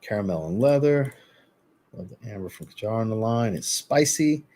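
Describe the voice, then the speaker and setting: A man hosting a fragrance live stream, reviewing scents in relaxed, chatty talk and answering viewers' chat. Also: fairly low pitch, moderate pace.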